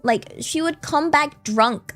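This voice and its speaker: A woman's voice: sits high, slow, fairly bright tone, soft background music. A young British woman streaming, chatting in a playful, rambling way. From Britain. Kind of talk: casual live-stream chat.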